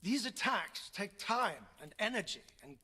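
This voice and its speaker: Commanding game uncle teaching swordplay, bright, husky, high voice. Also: male voice, sing-song, full character voice. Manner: commanding, measured instructions. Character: male uncle, stern sword trainer. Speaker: combat trainer in a game.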